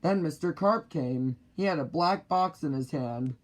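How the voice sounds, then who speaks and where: A man reading a children's picture book aloud in the first person, slow and deliberate. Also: on the high side. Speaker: storybook reader.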